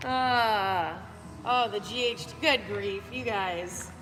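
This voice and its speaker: A woman's voice: fairly high pitch, extremely slow, a bit bright. A young woman chatting upbeat with viewers by name while coaching a live workout. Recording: roomy hall reverb. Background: faint background music.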